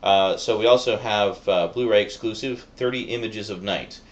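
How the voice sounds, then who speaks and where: A Blu-ray reviewer with a lowish voice and moderate pace gives a chatty, rambling spoken review packed with fillers and little laughs, his voice cracking at times. The sound is dull and lo-fi with faint noise.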